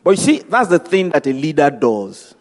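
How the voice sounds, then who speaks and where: A man's voice: fairly high pitch, sing-song, moderate pace. A man with a Nigerian accent giving a motivational talk, telling stories and acting out the dialogue with emphatic repetition. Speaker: speaker. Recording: long hall reverb.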